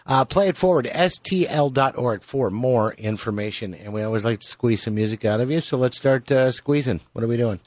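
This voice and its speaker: Fast-talking teasing male radio host. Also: mid-range voice, darkish tone, no room sound. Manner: teasing, quick banter. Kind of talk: casual radio chat.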